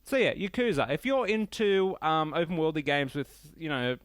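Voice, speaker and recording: A man hosting a casual solo podcast, rambling and swearing as he rants with lively swings in pitch. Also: normal speed, clean tone. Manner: rambling, profane, animated rants. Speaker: podcast host reviewing games.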